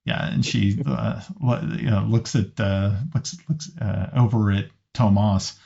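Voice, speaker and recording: Slow, gravelly game master man. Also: fairly low pitch, steady tone, dark tone. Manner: hesitant, restarting often. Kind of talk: narrating a tabletop game. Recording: slightly muffled lo-fi audio.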